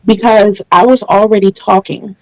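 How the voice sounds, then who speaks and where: A woman hosting a relaxed online interview, her voice carrying a gravelly fry. She talks earnestly and at length, restarting now and then. The sound is dry and close, with no room echo. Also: medium pitch, normal speed. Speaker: channel host interviewing a guest. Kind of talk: casual video interview chat.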